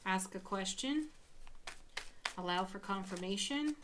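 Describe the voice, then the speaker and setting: A woman giving a daily tarot card reading, gentle and affirming, with frequent soft laughs. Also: medium pitch, lively intonation, unhurried, slight background noise.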